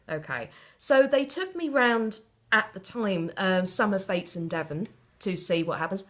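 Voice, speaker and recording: A woman from South West England telling stories in a casual interview, animated and theatrical, often laughing as she talks. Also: on the high side, normal speed, hardly any pauses. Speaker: interview guest.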